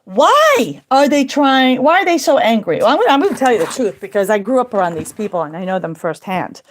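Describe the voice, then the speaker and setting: High-voiced woman preaching on a livestream. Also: very animated, fairly quick, slight background noise. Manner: emphatic, repetitive, preaching. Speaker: livestream host. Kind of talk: casual livestream monologue. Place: at home indoors.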